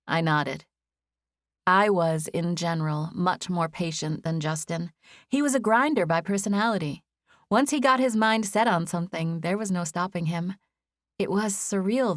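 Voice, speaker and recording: A woman with a lowish voice reads a first-person novel aloud in a gentle, expressive way. The recording is close and dry, with no room sound, and she stays measured and warm in her storytelling. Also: no echo. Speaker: audiobook narrator. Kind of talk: scripted first-person narration.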